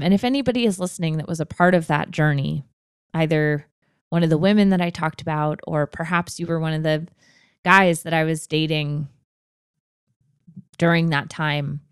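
Her voice is deep and smooth as this podcast host in her twenties tells a personal story in an earnest, open way, emotional at times. The sound is clean studio quality with no room sound.

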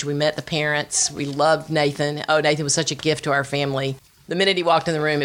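A middle-aged woman, giving a personal testimony and telling it with animated storytelling, acting out family voices. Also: deep voice. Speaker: speaker sharing her testimony.

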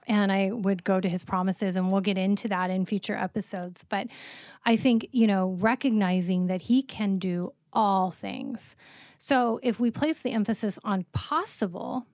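A woman's voice: medium pitch, gravelly, darkish tone, no room sound, clean studio sound. A woman co-hosting a faith podcast, talking earnestly and quoting scripture with plenty of fillers. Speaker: podcast co-host. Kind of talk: faith-based podcast conversation.

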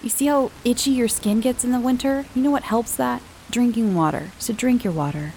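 Chatty woman podcast host, gravelly voice. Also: on the high side, fairly quick, slight background noise, rough recording. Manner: chatty, warm sign-off with laughs and fillers. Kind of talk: casual chat.

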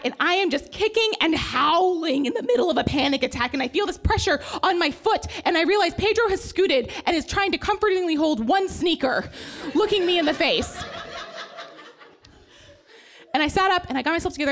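A woman's voice: high-pitched, lively intonation, fairly quick. A woman telling a candid, self-mocking personal story live, with laughing asides.

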